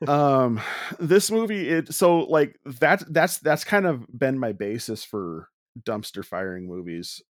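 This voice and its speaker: A man's voice: medium pitch, animated, no echo, studio quality. A man co-hosting a casual movie review podcast, talking candidly with frequent restarts. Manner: halting, lots of restarts and fillers, candid. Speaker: podcast co-host.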